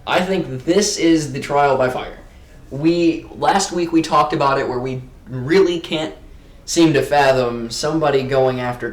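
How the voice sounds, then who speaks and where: A man co-hosting a fan podcast in a relaxed, chatty way. He thinks out loud, starting over and filling gaps with ums. His voice sits at an ordinary middle pitch, and the room around him is noticeably echoey. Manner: thinking aloud, lots of fillers and restarts. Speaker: podcast co-host. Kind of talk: casual chat. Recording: roomy echo.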